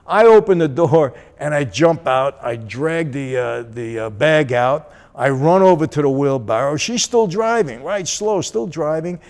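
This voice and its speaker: A man casually telling a personal story, animated and acting out the dialogue as he goes. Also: a little high, unhurried, few pauses. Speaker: channel host.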